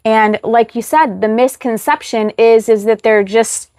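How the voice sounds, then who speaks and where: A woman's voice: a little high, steady tone, a little slow, a little mellow, no room sound, studio quality. A woman guest on a podcast who talks plainly and matter-of-factly about her own epilepsy. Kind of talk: interview conversation.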